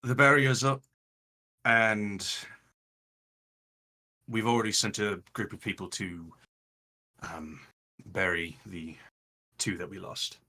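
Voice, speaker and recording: A man voicing Raylan, a calm grown leader in a tabletop game, speaking in a measured, earnest way. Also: lowish voice, voice pushed down, heavily acted.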